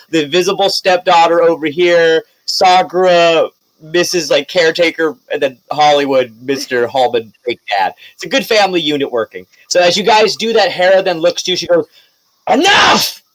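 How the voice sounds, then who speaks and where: A man's voice: on the high side, brisk, dry recording, rough recording. A man narrating as game master of a tabletop game, casual and loose, swearing and laughing now and then.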